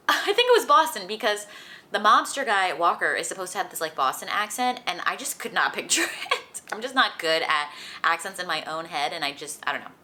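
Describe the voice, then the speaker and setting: A woman's voice: on the low side, lively intonation, fairly quick, bright, forceful tone. A young woman who is feeling sick, chatting casually about books as a vlogger, full of "like" and light laughs. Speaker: book vlogger. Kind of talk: casual chat.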